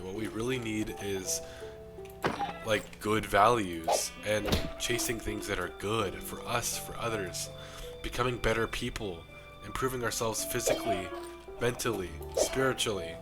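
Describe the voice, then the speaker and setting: A man's voice: fairly low pitch, moderate pace, over loud music. Sick-sounding young man preaching self-improvement. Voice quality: rough, strained voice. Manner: preachy, impassioned. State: sick, losing his voice. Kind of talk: earnest monologue to camera.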